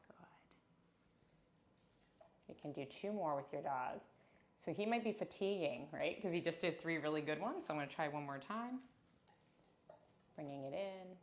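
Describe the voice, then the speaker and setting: A woman teaching a dog yoga class, speaking gently and encouragingly, with frequent praise for her dog. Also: low-pitched, animated, measured pace, long pauses. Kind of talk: instructional class talk. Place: indoors on a yoga mat.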